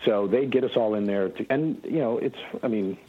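A man speaking as a voice actor guest, telling stories in a relaxed, casual way. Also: lowish voice, a little fast, breathy edge, lo-fi sound. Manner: relaxed storytelling, animated. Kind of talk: casual interview answers.

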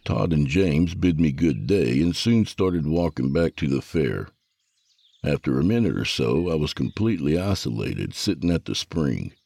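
A man narrating a first-person story with a gravelly, husky voice. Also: extremely low pitch, sing-song, moderate pace, warm tone, dry recording.

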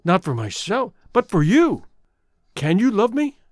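Storybook reading: man doing an ardent, idealistic young suitor, lively swooping delivery, dry sound. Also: high-pitched, a little slow, no room sound, pitched above the performer's own voice, full character voice.

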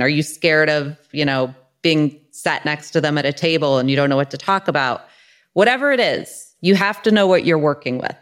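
A woman psychologist laying out advice step by step in a calm, measured way. Her voice sits fairly low for a woman. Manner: calm, structured, advisory. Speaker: clinical psychologist guest. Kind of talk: advice in a podcast interview.

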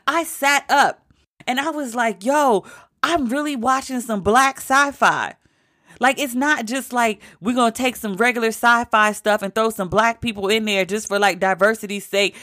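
A woman's voice: on the high side, a bit bright. A woman recapping a TV show in casual, emphatic talk, with some swearing. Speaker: TV show reviewer.

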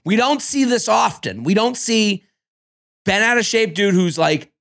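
A man co-hosting a podcast, chatting casually about a reality dating show, animated and cussing, now and then acting out cast members. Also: high-pitched, unhurried, gravelly. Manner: animated, swearing, acts out cast members in exaggerated voices. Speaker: podcast co-host. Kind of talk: casual reality-TV recap chat.

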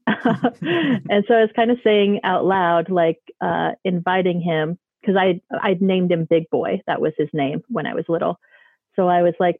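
A woman's voice: on the low side, measured pace, creaky, dry recording. A woman chatting through a story in a loose, casual way, sprinkling in fillers as she goes. Her voice comes over a thin, phone-like line with a dry, close sound. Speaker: guest telling ghost stories.

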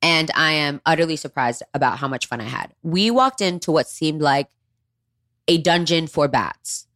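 A woman in her twenties, co-hosting a podcast and telling a story in a candid, animated way. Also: low-pitched, normal speed. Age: 20s. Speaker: podcast co-host. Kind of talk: casual chat.

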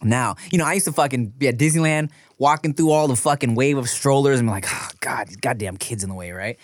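A man in his thirties, a new father, chats casually while eating, telling rambling, animated stories full of swearing and restarts. His mid-range voice moves at a quick pace, with a clean studio sound and no room echo.

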